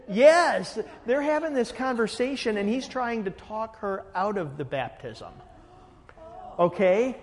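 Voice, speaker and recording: A man, a pastor, telling a story in a lively way and acting out the dialogue. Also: high-pitched, big-room sound. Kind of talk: animated storytelling.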